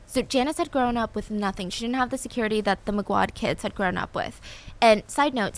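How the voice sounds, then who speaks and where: A woman narrating a true story in a casual, chatty way, with filler words and personal asides. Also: medium pitch.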